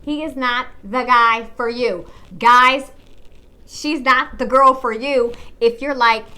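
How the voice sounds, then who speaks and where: A woman's voice: on the high side, slow pace, pushed and bright, clear, resonant tone. Blunt, profane woman giving dating advice. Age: 30s. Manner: blunt, profane, talks straight to the viewer. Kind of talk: casual advice monologue.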